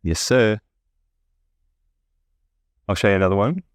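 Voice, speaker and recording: Guy, very low voice, dry close sound, candid and foul-mouthed podcast guest. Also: lively intonation, a little slow, clean tone, no echo. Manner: blunt, profane, candid storytelling. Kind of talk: casual podcast interview.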